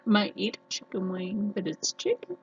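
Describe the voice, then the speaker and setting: A woman's voice: mid-range voice, lo-fi sound, slight background noise. A woman chatting casually to the camera as a sewing vlogger, defiant and chatty. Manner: chatty and defiant, with frequent laughs.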